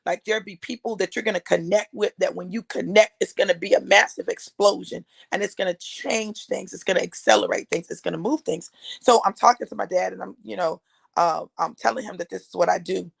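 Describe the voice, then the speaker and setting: Gravelly-voiced woman in her fifties. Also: mid-range voice, fairly quick, dry recording. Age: 50s. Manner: emphatic, chatty, addresses the audience as y'all. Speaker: author and speaker. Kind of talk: casual storytelling to viewers.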